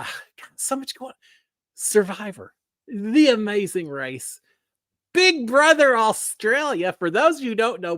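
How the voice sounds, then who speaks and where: A man with a drawl hosts a casual livestream chat. His voice is lively, rising and falling a lot as he greets viewers by name. The sound is dry and close, with no room around it. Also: high-pitched, no room sound. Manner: folksy, greets viewers by name, many fillers. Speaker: livestream host.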